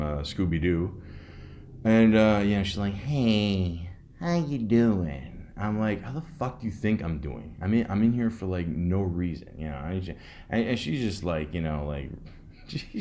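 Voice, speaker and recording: Male podcast host, low voice, rambling sardonic storyteller, swears freely. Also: a little mellow. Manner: rambling, sardonic, profane, many fillers. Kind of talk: casual storytelling.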